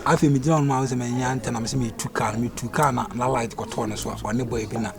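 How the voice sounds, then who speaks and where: An actor with a Ghanaian accent playing an excitable young man who tells a quick, animated story to his friends. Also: mid-range voice, gravelly, over music, natural voice. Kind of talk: comic banter in a web comedy series.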